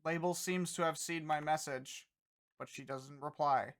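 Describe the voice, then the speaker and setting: A streamer reading a visual-novel game story aloud with a steady, plain delivery. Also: mid-range voice, a little slow.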